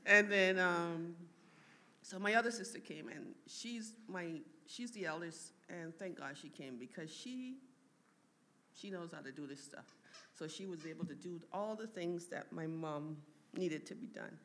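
A woman with a lowish voice speaks a little slowly while telling a family story in casual conversation, with a slight hiss or hum in the recording. She's animated, laughs often, and raises her voice to imitate the people she quotes.

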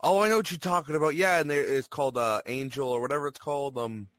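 A man's voice: mid-range voice, fast, no room sound. A man chatting casually on a podcast, teasing the others and hesitating with fillers when he explains something.

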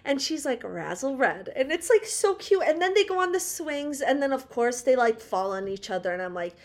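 Her high-pitched voice moves fairly quickly as this young podcast co-host gushes through casual chat. Bubbly and laughing often, she leans heavily on "like" as a filler.

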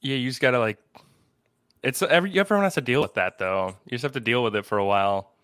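Young dude joking around on a podcast, bright tense tone, dry mic. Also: male voice, medium pitch, fast talker, clean tone, no room sound. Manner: joking, laid-back banter. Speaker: podcast co-host. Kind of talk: casual podcast chat.

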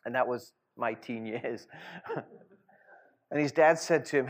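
A man preaching a sermon as a lively storyteller, with frequent laughs and rhetorical asides. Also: medium pitch, measured pace, long pauses. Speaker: pastor.

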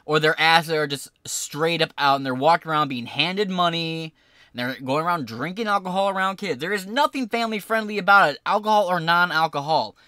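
A man's voice: a little high, a little fast, sharp tone, clean tone, no room sound, clean studio sound. A man streaming an angry, profane live reaction to news footage.

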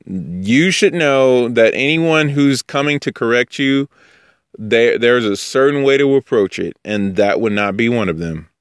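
Man, casual teacher, wanders off topic and acts out other people's lines, clear smooth voice. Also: mid-range voice, lively intonation, unhurried, dry recording, studio quality. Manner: conversational, digressive, acts out quoted speakers. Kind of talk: informal Bible teaching.

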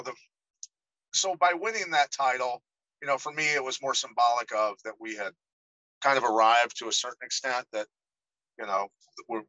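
Animated, bright-voiced middle-aged man telling stories. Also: mid-range voice, no room sound, low-quality recording. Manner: animated storyteller, acts out quoted voices. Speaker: podcast guest, former fighter. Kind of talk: casual storytelling interview.

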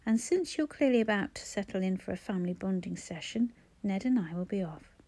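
A woman voicing a brisk, caustic housekeeper. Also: medium pitch, dark tone, lightly acted. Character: sharp-tongued no-nonsense young woman housekeeper. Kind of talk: audiobook character voice.

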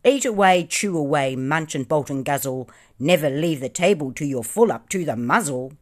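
A woman voicing a rude, bossy male magic pudding with a gruff, shouting manner. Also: a bass voice, expressive, normal speed.

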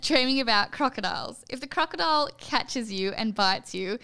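A woman's voice: on the high side, expressive, normal speed, sharp tone, clean tone. A young adult woman co-hosting a podcast, chatting casually and breaking into laughter as she tells stories. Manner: giggly, laughs often mid-story. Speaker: podcast co-host. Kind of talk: casual chat.

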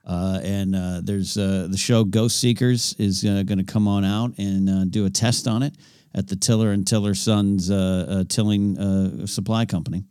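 A man co-hosts a comedy podcast over a remote call, throwing in dry, quick improv lines. His voice is fairly low. It is recorded close, with a dry sound and no room echo. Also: steady tone, dark tone, smooth. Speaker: podcast co-host. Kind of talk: casual comedic chat.

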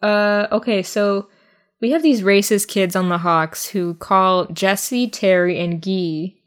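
A woman's voice: mid-range voice, takes it slowly, smooth. A young adult woman co-hosting a podcast, chatting casually and animatedly, laughing often. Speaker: podcast co-host. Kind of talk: casual chat.

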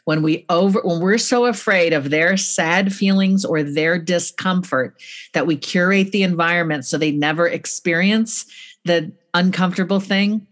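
A woman's voice: on the low side, moderate pace. A middle-aged woman, an author and guest, speaking in an interview in a blunt and earnest explaining manner. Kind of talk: interview conversation.

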